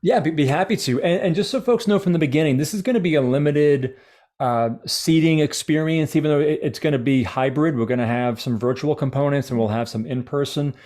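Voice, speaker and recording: A man, organizer of a speakers' training program, talking eagerly in a relaxed chat and often restarting his sentences. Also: a little high, a little fast. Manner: eager, many restarts and fillers. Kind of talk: casual video-call chat.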